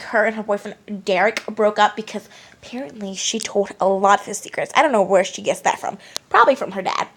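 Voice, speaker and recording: A woman's voice: on the high side, a bit bright, poor audio. A woman in a comic character monologue, rambling in a chatty, gossipy valley-girl way. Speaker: comedy sketch creator.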